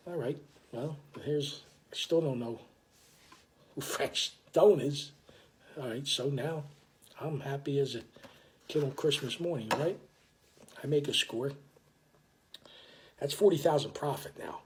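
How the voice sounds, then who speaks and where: A man's voice: mid-range voice, lively intonation, normal speed. An older man telling a story in a casual, rambling way, full of restarts and blunt street talk. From South Philadelphia.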